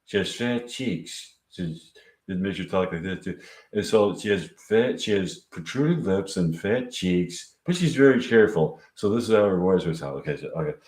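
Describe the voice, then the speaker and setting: A man reading his own comedy script aloud at home, halting and thinking aloud between lines. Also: sits low, animated, a little mellow. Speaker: amateur writer performing his own script. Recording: echoey room.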